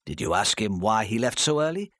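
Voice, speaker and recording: A man playing a patient male police inspector who questions in a calm, measured way. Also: on the low side, no echo. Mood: probing.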